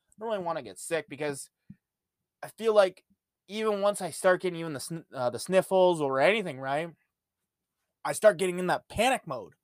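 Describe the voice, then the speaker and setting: This Ontario man's fairly high voice comes through with studio quality and no room sound. Hosting his podcast, he meanders casually through profane stories in an easygoing monologue.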